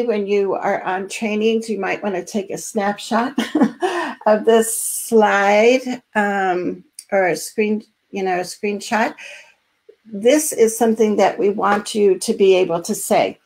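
A woman leads a live online training with a calm, encouraging delivery. She speaks unhurriedly, with frequent fillers, at a medium pitch. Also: slow. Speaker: host and special education advocacy trainer.

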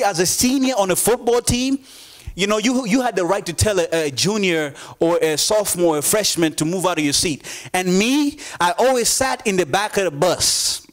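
A man preaching a sermon, earnest, often repeating words and acting out voices he quotes. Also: sits high.

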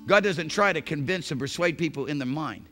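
A male pastor preaching a sermon in church, swinging from hushed, intimate phrases to shouted emphasis. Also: fairly high pitch, a little fast, soft background music. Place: church sanctuary.

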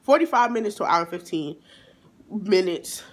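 A man vlogger telling a storytime in an animated, emphatic way, with exasperated asides. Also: high-pitched, moderate pace. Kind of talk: storytime vlog.

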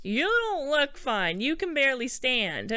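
Suspicious, scornful young woman, read by a woman, higher register, clean tone. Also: very animated, measured pace, bright, forceful tone, clear, resonant tone, heavily acted. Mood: doubtful. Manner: scornful, disbelieving.

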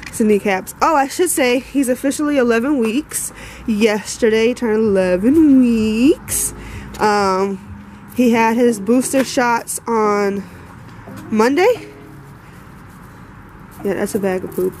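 A woman's voice: medium pitch, a little hiss or hum. Chatty woman rambling to her puppy. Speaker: vlogger, dog owner. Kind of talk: casual home vlog chat. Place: home, walking between rooms.

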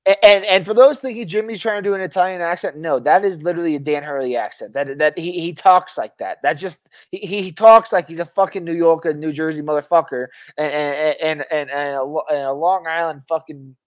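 Excitable man talking hoops on a podcast. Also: on the high side, brisk, few pauses, no echo. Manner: animated, repeats words and restarts often, swears freely. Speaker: podcast co-host. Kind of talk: casual sports chat. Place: Arizona.

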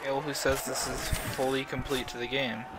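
A man's voice: mid-range voice, little pitch movement, a little fast, noisy background. A young man co-playing a game, dry and grumbling, swearing in an offhand way. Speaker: co-player. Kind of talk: casual gaming chat.

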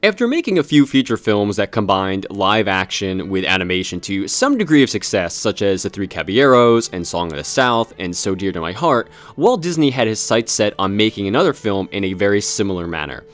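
A man's voice: fairly low pitch, a little fast, few pauses. A man co-hosting a casual online show, joking and laughing as he chats and reads history notes. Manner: jokey, laughs often, animated. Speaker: co-host. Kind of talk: casual podcast chat.

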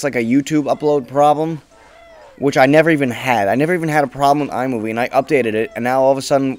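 A young man commentating his own gameplay casually, swearing often and bursting into frustrated shouts. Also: medium pitch. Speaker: let's play gamer.

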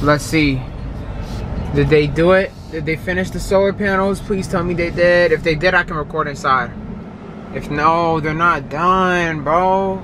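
A young man talking in a casual vlog, slangy and rambling, often getting animated. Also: fairly high pitch, moderate pace, noisy background. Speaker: YouTuber. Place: car at a drive-thru, then indoors at home.

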